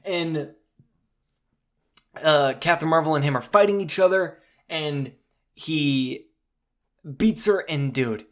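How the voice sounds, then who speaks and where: Excitable podcast guy gushing. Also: a little high, moderate pace. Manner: animated, swears freely, says "dude" often. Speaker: podcast host. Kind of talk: excited casual movie recap.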